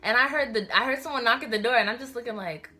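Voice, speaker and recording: Animated young woman telling a storytime vlog. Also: a little high, very fast, faint music behind. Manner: animated, slangy, addresses viewers as y'all. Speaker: vlogger.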